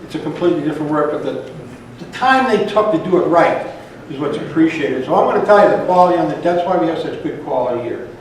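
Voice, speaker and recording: Man, plainspoken speaker at a reception, slightly high voice, booming hall, heard from afar. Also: animated, a little hiss or hum. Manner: plainspoken, halting with restarts. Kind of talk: informal speech to an audience. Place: large echoey reception hall. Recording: echoey hall, mic from far off.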